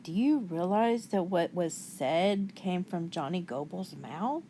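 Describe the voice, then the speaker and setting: A woman hosting a commentary video, calmly and skeptically rebutting the clips she plays. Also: on the low side, takes it slowly, a little hiss or hum. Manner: calm, skeptical, wry rebuttals. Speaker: commentary channel host. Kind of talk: reaction commentary.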